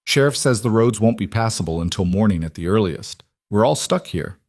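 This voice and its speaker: Brief: outspoken young waitress type, read by a man, blunt and plain, low and dry. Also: animated, a little fast, darkish tone, no echo. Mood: matter-of-fact. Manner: blunt, incredulous. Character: blunt young woman diner coworker.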